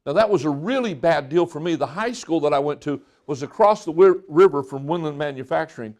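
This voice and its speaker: A man's voice: on the high side, animated, brisk, a little mellow. A man in his sixties preaching a sermon in a folksy storytelling way, often restarting his sentences. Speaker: pastor.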